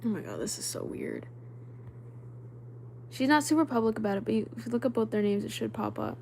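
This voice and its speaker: A woman's voice: on the high side, a little fast, creaky, slight background noise. A young woman in her twenties hosting a casual livestream, chatting and reading viewer comments, now and then dropping to a whisper. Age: young adult. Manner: chatty, animated, drops to whispers when spooked. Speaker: livestream host.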